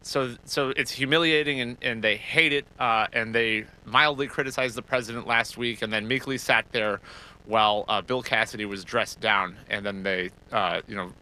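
A male reporter gives animated analysis on a news panel, piling up thoughts and restarting sentences. His voice has a very bright, sharp timbre. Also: fairly low pitch, moderate pace, poor audio.

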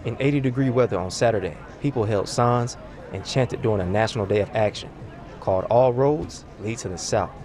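A man reading a scripted news report from the field in a brisk broadcast manner. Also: fairly low pitch, a little mellow.

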